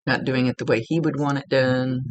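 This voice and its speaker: A woman working as a psychic medium, giving a one-on-one reading and talking in a halting way, often searching for her words. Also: extremely low pitch, fairly even intonation, dry recording, low-quality recording.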